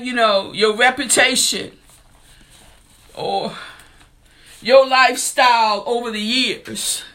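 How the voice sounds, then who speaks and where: High, bright-voiced earnest woman preacher. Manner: earnest, heartfelt delivery. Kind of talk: sermon with scripture reading.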